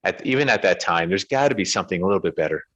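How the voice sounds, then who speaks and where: A man's voice: sits low, animated, very fast, a bit bright. A man co-hosting a podcast over a video call, questioning ideas and often restarting his sentences. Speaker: podcast co-host.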